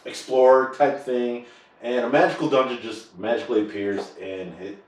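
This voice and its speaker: A man talks casually as a podcast co-host, stopping and restarting his sentences as he goes. His voice is of middle pitch. He sounds distant, in a room with a lot of echo. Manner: halting, many fillers and restarts, laughs often. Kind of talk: casual chat. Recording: echoey room, far from the mic.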